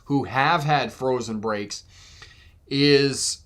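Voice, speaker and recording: A talkative man runs a relaxed live question session as a driving instructor. His voice sits at an ordinary middle pitch, and he laughs often while acting out little exchanges in other voices. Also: extremely slow. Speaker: driving instructor and channel host. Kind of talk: casual live viewer Q&A.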